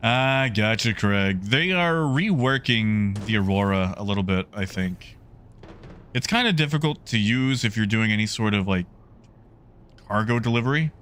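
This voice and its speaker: A man's voice: fairly low pitch, lively intonation, moderate pace, fairly bright tone, slight background noise. A man streaming a game, chatting casually and greeting viewers in the chat by name.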